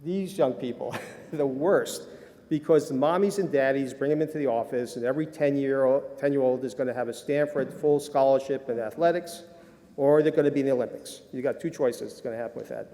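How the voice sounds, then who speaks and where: An older man speaks at a conference with a mellow, dark tone, wandering through his stories with many ums and uhs. His voice carries a long reverb from the lecture hall around him, and he sounds amused at his own expense. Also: mid-range voice, fairly quick. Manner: rambling, self-deprecating, many fillers. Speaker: conference speaker, sports medicine doctor. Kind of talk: conference talk with anecdotes.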